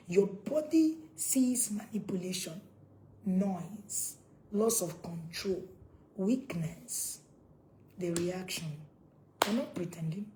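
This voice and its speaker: Woman, parenting coach, mellow, animated pitch, emphatic. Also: a little hiss or hum, poor audio. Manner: emphatic, repeats questions, acts out shouting parents. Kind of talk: live-stream parenting talk to viewers.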